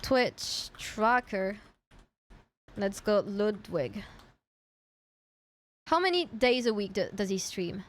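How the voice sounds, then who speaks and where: A woman's voice: mid-range voice, animated, takes it slowly, long pauses. A woman streamer from France speaking English with a light French accent, chatting casually and often restarting her sentences. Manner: chatty, self-interrupting, swears casually. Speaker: VTuber streamer. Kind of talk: casual reaction stream chat.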